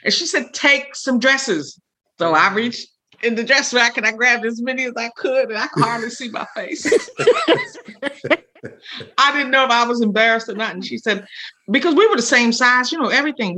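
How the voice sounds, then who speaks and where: An older woman, a guest on an interview show, telling stories in an animated and expressive way, acting out the voices she quotes. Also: a little high, a little fast. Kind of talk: storytelling in a podcast interview.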